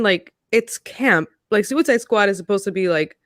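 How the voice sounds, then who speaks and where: A woman co-hosting a podcast, arguing her opinions in an animated, chatty way. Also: medium pitch, fast, hardly any pauses, no room sound, clean studio sound. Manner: animated, opinionated, quotes people. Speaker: podcast co-host. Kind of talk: casual chat.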